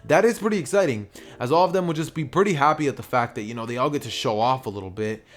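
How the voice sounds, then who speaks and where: A young man narrating a fan-made story in a loose, conversational way. He rambles along with plenty of filler words, at an everyday male pitch. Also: fast talker. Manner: rambling, lots of "you know" and "basically". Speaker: YouTuber narrating fan fiction. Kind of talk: casual storytelling.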